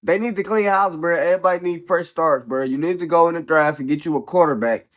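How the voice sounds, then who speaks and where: A man with a somewhat high-pitched voice gives casual football commentary as the show's host. He talks bluntly and stands by his opinions, in slangy, profane speech dotted with "bro" and "man". He sounds a little under the weather from being sick. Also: quick pace, fairly bright tone, dull audio.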